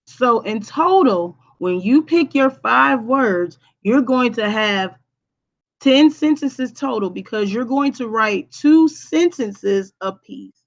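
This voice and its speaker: A woman's voice: fairly high pitch, lively intonation, takes it slowly. Woman teacher, recorded online lesson, patient, asks okay often, lo-fi audio. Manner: patient, checks understanding with frequent "okay?"; hums to herself while typing on screen.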